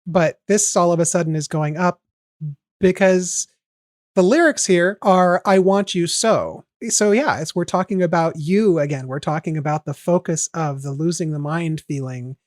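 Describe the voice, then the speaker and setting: A man's voice: a little high, normal speed, no room sound, clean studio sound. A man hosting a podcast, walking step by step through a song's melody in casual, analytical talk. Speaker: podcast host. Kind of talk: casual music analysis chat.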